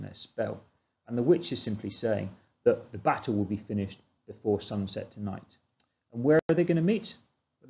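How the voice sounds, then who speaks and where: A man with a mellow, dark voice talks students through a revision lesson at a steady middle pitch. He poses questions and then answers them himself in an explanatory way. The recording sounds dull and lo-fi. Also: creaky. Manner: explanatory, asks and answers his own questions. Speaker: teacher.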